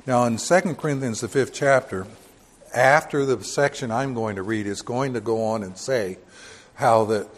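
Guy preaching thru bible verses, reads em slow n loud then blunt asides, long hall echo. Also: mid-range voice. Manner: emphatic, dismissive asides, reads scripture slowly and loudly. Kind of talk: verse-by-verse Bible teaching sermon.

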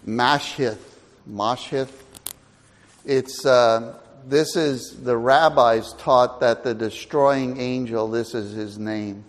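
A man's voice: medium pitch, fairly even intonation, slow pace, big-room sound. A man preaching a Bible-teaching sermon in a chatty, self-deprecating way, laughing often.

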